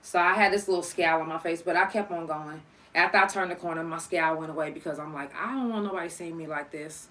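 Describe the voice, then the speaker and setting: A young woman hosting a podcast tells a personal story in a bright, forward voice that is low-pitched and quick. Her talk is casual and full of swearing, and she acts out everyone she quotes, playing her own part loud and lively.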